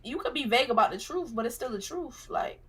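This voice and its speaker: A woman's voice: a little high, animated, fast, over a noisy crowd. A woman guest on a podcast in casual chat. She is earnest and insistent and uses a lot of fillers.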